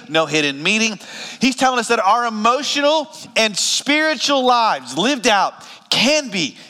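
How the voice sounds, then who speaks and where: High, bright-voiced preacher in a reverberant hall. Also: male voice. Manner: call-and-response preaching, rising to emphatic peaks. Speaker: pastor. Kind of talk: sermon.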